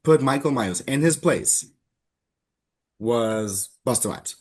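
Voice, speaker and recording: Animated man telling movie stories. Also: mid-range voice, slow pace. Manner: animated storyteller, laughs mid-sentence. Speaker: podcast guest. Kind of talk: casual movie chat.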